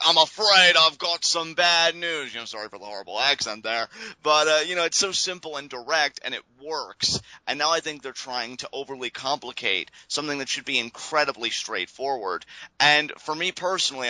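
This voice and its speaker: A man's voice: medium pitch, bright, forceful tone, no room sound, low-quality recording. A man co-hosting a casual wrestling review podcast, talking in a hesitant, rambling way. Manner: hesitant, rambling, many fillers and restarts. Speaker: podcast co-host.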